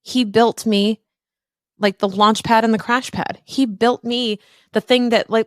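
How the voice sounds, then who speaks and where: A woman's voice: a little high, fairly even intonation, unhurried, no echo, studio quality. A woman in her thirties hosting a podcast, telling a personal story candidly and emphatically, with casual swearing. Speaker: podcast host.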